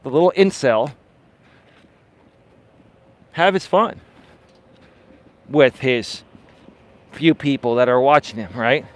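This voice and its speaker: A life and dating coach hosts a live coaching stream in an unscripted monologue, dismissive and emphatic, repeating words for stress and often asking "right?". His medium-pitched voice has lively intonation, and he goes slowly with frequent pauses.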